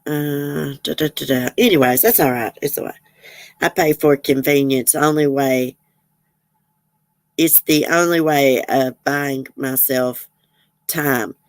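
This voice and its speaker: A woman's voice: very deep voice, fairly even intonation, takes it slowly, dry recording. A woman, chatting casually as a livestream host, reading viewer comments and rambling with frequent laughs.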